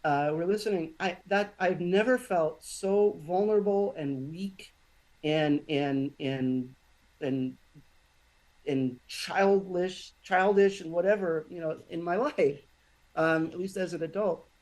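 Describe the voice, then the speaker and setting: A man in a casual podcast conversation, telling a personal story in a halting way, with many restarts and fillers. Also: sits high, a little mellow, rough recording. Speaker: podcast guest.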